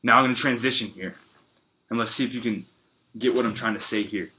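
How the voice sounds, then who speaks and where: A man preaching a sermon, telling a story in an earnest, halting way with pauses and fillers. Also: medium pitch, fairly even intonation, sharp tone, slightly rough.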